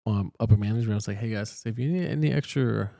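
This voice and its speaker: A man's voice: on the low side, fast talker, gravelly. A young man, a nurse co-hosting a casual podcast, talking in an easygoing way. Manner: easygoing, many fillers and restarts, hushed asides. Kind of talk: casual chat.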